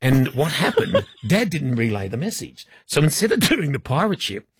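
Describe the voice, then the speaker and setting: A man's voice: mid-range voice, very animated, normal speed, slightly rough. A man co-hosting a comedic breakfast radio show, joking and laughing as he tells a story. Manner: jokey, laughing, mock French accent bits. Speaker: radio co-host. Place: radio studio, dry.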